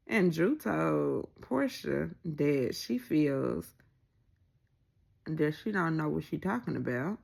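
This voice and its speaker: Casual woman recapper, gravelly and husky, slow and animated. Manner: animated, acts out quoted lines with pitch jumps. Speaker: reality TV recap vlogger.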